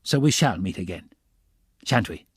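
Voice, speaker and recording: A man reading the part of an excitable, fussy middle-aged magistrate in an audiobook, insistent and wheedling. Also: low voice, husky, dry recording, clean studio sound, exaggerated voice. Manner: quick, insistent, wheedling, slipping to mutters.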